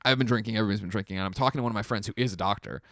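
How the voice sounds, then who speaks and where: A man from the Chicago area, a podcast guest telling a long personal story in a casual, animated way, acting out the voices of the people in it and swearing freely. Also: fairly low pitch, racing, dry recording, studio quality. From Chicago area, USA.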